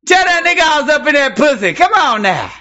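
A man in online voice chat, taunting others and shouting in mock voices. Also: extremely high pitch, big pitch swings, a little fast, muffled recording. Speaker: voice chat troll.

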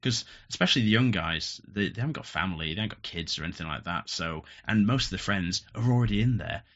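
Young guy, bright tense voice, rambling podcast storyteller, slightly dull recording. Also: sits low, expressive, fast. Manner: rambling, laughs often, frequent restarts. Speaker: podcast guest. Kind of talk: casual storytelling. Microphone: headphones with podcast mic.

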